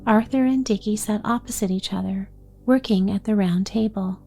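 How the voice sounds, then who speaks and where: A woman reading a chapter book aloud in a calm, gentle bedtime story reading. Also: medium pitch, moderate pace, slightly rough, faint music behind.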